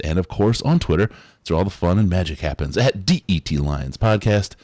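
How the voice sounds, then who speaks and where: A man hosting a live sports podcast, running through announcements in an upbeat, animated way. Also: deep voice, fast talker, no room sound. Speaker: podcast host.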